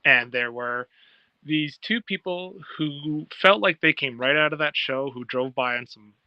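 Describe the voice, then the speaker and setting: A guest on a casual video call, this chatty, friendly Canadian-accented man hails from Ontario. He speaks at a measured pace in a fairly high, clean-toned voice with no room sound, over dull lo-fi video call audio.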